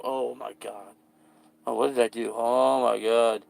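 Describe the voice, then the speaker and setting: Brief: a rambling, foul-mouthed man vlogging with a gravelly mid-pitched voice. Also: little pitch movement, a little slow, a little mellow, slight background noise. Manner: rambling, loose, swears casually, laughs at own jokes. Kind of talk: casual vlog chat.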